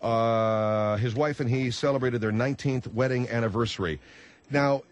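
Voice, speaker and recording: Deadpan, halting man hosting radio. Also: medium pitch. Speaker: radio talk show host. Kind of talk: radio comedy talk.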